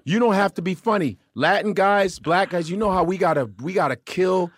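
A male comedian guest on a podcast talks loosely in a high-pitched, fairly quick voice. He's animated and profane, slipping into mocking voices, with clean studio sound and no room noise.

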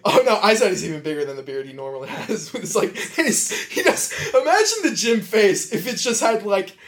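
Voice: mid-range voice, sing-song, brisk. Brief: a podcast host rambling through a funny story, giggly and loose, with plenty of fillers. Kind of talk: comedic storytelling chat.

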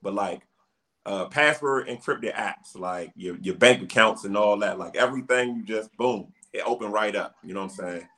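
A man in a casual chat, explaining at length in an animated way. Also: on the low side, normal speed. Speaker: podcast co-host.

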